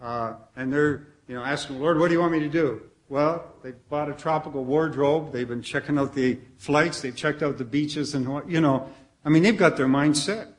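A man delivers a sermon in a conversational, earnest way, often turning to the congregation with questions. His voice sits a little high for a man. He lets phrases sink to a soft, low finish. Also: moderate pace. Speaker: preacher.

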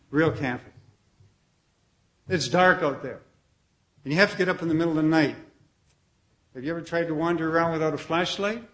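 A man delivers a sermon in a conversational, earnest way, often turning to the congregation with questions. His voice sits a little high for a man. He lets phrases sink to a soft, low finish. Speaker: preacher.

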